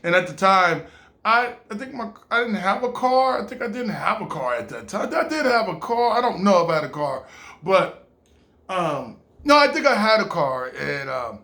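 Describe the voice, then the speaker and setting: High-voiced man telling a rambling story. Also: very animated, normal speed, pushed and bright. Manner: rambling, with fillers, restarts and acted-out quotes. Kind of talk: casual personal storytelling.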